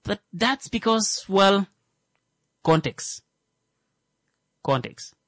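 A man's voice: sits high, expressive, drawn-out words, a bit bright, no echo. Rambling man, dry close sound. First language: Thimbukushu. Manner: rambling, many fillers and restarts. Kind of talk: casual comedic monologue.

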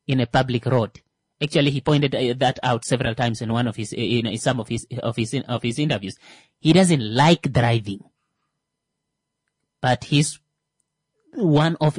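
Man, radio host, casual joking talk, lots of uh fillers, middle pitch, dry close sound. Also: no room sound. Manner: hesitant, heavy on "uh" fillers, joking asides.

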